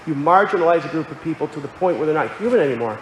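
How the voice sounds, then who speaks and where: A man's voice: on the high side, expressive, racing, slight background noise. Man preaching in an echoey hall. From Connecticut. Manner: earnest, explanatory, quotes scripture aloud. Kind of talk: sermon. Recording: echoey hall with faint ambience.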